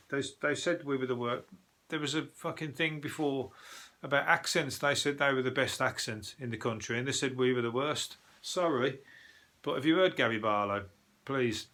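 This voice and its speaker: A man's voice: mid-range voice, normal speed, bright, forceful tone. A man with a Birmingham accent, a comedian doing a rambling, blunt, swear-laden comic review of the news. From Birmingham, England.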